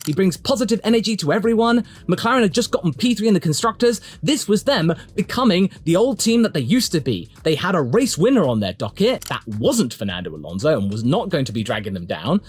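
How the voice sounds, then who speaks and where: A man delivering chatty, opinionated solo commentary for an online video, emphatic and swinging his pitch for emphasis. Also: big pitch swings, a little fast. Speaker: motorsport YouTube commentator.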